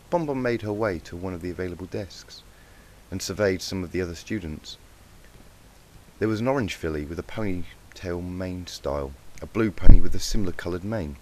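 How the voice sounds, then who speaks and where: A man narrating a fan-written storybook in a steady, even reading voice. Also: low voice, a little hiss or hum. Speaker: fanfic reader.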